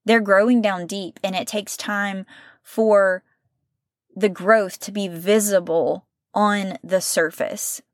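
A woman hosting a faith-based podcast, talking in an earnest, conversational way, often checking in with "right?" and sometimes slowing and softening as she gets emotional. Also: medium pitch, steady tone, no echo, clean studio sound. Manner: earnest, conversational, with frequent "right?" and "you know". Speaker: podcast host.

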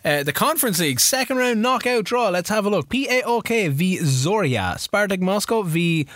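A man's voice: high voice, lively intonation, moderate pace, a bit bright, no echo. A man co-hosting a casual podcast, bantering and teasing his partner. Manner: teasing, banter, reads lists aloud. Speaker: podcast co-host. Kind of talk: casual chat.

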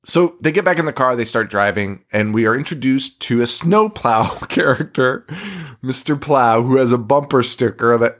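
A man's voice: medium pitch, normal speed, a bit bright. A man co-hosting a podcast, recapping a horror movie in casual chat, swearing freely and laughing between lines. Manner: profane, laughing, sarcastic recapping. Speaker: podcast co-host.

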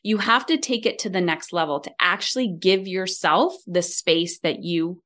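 A middle-aged woman speaks as a coach on a podcast, acting out the voices in her stories. Her pitch sits in the middle and swings freely as she talks. She moves from close, warm advice to animated re-enactments. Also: moderate pace. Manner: animated storytelling, acts out quoted lines. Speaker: podcast guest, leadership coach. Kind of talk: conversational interview.

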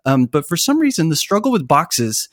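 A man talking as a guest in a conversational interview, animated and acting out what other people say. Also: fairly high pitch, moderate pace, no room sound, clean studio sound. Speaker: podcast guest, web developer.

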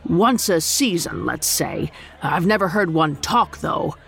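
A woman's voice: on the low side, very animated, unhurried, creaky, fairly bright tone, faint music behind, exaggerated voice. A woman voicing a boastful male monster hunter in an audio story, bragging and blustering.

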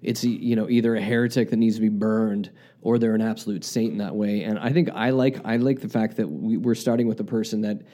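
A man's voice: fairly low pitch, fairly quick, mellow. A man from the United States co-hosting a podcast, earnestly reflecting in casual talk and often restarting his sentences. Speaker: podcast co-host.

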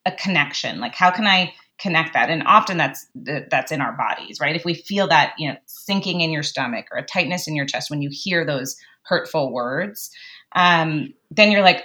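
A woman's voice: deep voice, expressive, normal speed, bright, forceful tone. A woman psychologist who is a guest on a podcast, speaking animatedly, acting out inner dialogue and laughing often. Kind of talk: casual podcast conversation.

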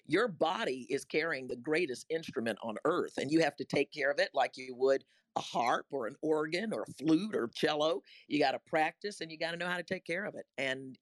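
A woman voice-acting coach, talking casually on a panel in a folksy, animated way. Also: low voice, dry recording. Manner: animated, folksy, repeats words.

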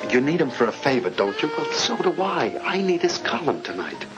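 A man's voice: mid-range voice, sing-song, a little fast, dull audio, natural voice. An actor playing a cold, threatening, powerful male gossip columnist in a 1950s film. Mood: menacing. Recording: 1950s film soundtrack with music.

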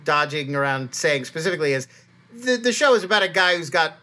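A man co-hosting a podcast, explaining at length in an animated, rambling way full of restarts. His voice is bright and ringing, and he talks casually. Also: fairly high pitch. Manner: fast, animated, many restarts. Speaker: podcast co-host. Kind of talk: casual chat.

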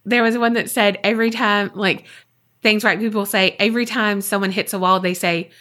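A woman co-hosting a podcast, reading a listener's ghost story aloud and then chatting in a lively, swearing, laughing way. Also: medium pitch, normal speed. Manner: animated, swears freely, laughs often. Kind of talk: casual chat and reading aloud.

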